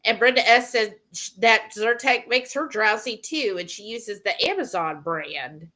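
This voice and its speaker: A woman co-hosting a casual chat, prompting with questions and filling pauses with ums. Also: a little high, lively intonation, bright, forceful tone. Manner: chatty, many fillers, prompting questions.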